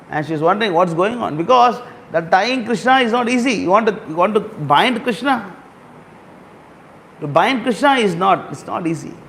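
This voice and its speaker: A man giving a storytelling sermon, repeating phrases and slowly explaining words and verses. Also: high voice, gravelly, a bit bright, slight background noise. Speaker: speaker at a temple gathering.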